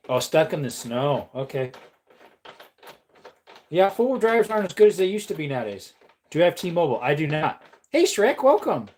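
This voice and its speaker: A woman's voice: low-pitched, big pitch swings, normal speed, pauses often, darkish tone, slight background noise. A woman chatting casually on a livestream while reloading ammunition, playful and laughing often. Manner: playful, laughs often, slips into silly voices.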